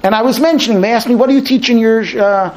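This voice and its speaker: A man's voice: very high voice, quick pace. A man teaching a class about marriage and conversation, acting out both sides of husband-and-wife exchanges. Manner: animated, acts out both sides of dialogues. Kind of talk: lecture to a class.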